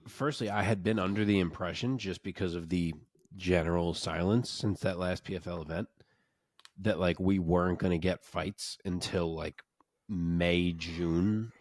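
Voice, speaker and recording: Deep-voiced man breaking down fights. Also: fairly even intonation, a little slow, darkish tone, dry recording, clean studio sound. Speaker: podcast co-host, analyst. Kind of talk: casual sports chat.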